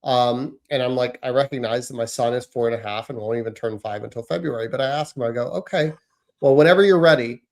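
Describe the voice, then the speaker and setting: A man in his thirties with an American accent, co-hosting a casual podcast and telling animated stories about his kids. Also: medium pitch, fast, creaky, hardly any pauses. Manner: animated storytelling, acts out his kids' lines. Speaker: podcast co-host. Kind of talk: casual chat.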